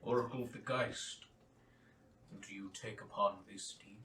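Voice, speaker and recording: A man's voice: on the low side, steady tone, measured pace, bright, forceful tone. A man voicing a stern commanding king who questions visitors in a formal, grave way, recorded roomy from a distance. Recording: roomy, distant mic, faint hiss.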